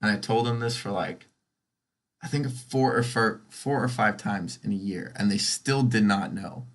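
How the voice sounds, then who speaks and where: A man's voice: lowish voice, unhurried. A young man hosting a casual solo podcast, rambling and swearing freely as he drifts between tangents. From California. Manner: rambling, profane, goes off on tangents. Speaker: podcast host.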